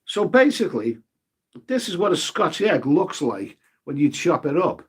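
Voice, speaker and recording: Husky guy rambling on his live stream, reading chat names out, mouth half full. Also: on the high side, big pitch swings, normal speed. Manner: chatty, eats while talking, swears mildly, reads viewer names aloud.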